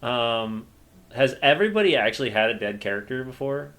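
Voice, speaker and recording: A man's voice: medium pitch, expressive, brisk, fairly bright tone. A man acting as game master and host of a convention panel, chatting casually and rambling with plenty of fillers. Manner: rambling, self-deprecating, many fillers.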